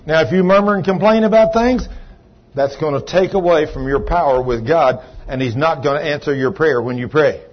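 A man's voice: a little high, moderate pace, highs cut off. A man preaching a sermon, folksy and chatty, calling on members of the congregation by name. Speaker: pastor. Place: church.

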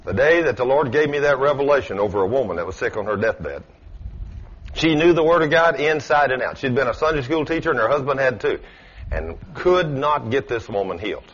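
A man preaching a sermon, telling stories in a folksy way with dramatic swings in pitch and loudness. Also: animated, brisk, slightly rough, muffled recording.

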